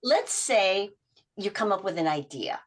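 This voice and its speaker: A middle-aged woman who coaches habits speaks a little slowly at medium pitch in a podcast interview. She tells client stories and acts out their lines with lively vocal shifts.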